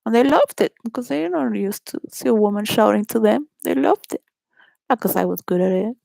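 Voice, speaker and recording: Gravelly-voiced woman telling wild stories. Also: a little high, animated, brisk, mellow, dry recording, clean studio sound. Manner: rambling, laughs often, frequent restarts. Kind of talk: candid personal storytelling.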